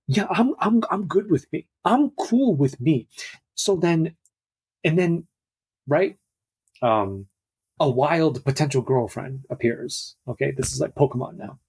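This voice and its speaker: Young male podcast host, slightly high, husky voice, casual, rambling, self-interrupting humor. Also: a little mellow.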